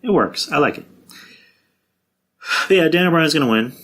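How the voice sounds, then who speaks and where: A man's voice: fairly high pitch, lively intonation, normal speed, a bit bright. A man hosting a podcast, talking through wrestling predictions in a blunt, profane, casual monologue. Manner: blunt and profane, with frequent restarts. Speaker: podcast host.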